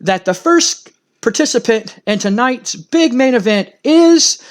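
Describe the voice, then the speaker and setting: A stern, commanding lady wrestling boss, as a man puts her on for a game playthrough. She delivers firm announcements in a fairly high voice. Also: lively intonation, a little slow. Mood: announcing.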